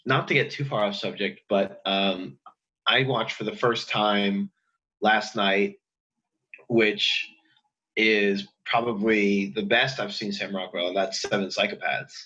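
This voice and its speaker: A man as a podcast guest in casual chat, halting and restarting his phrases. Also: lowish voice, steady tone, sharp tone, muffled recording.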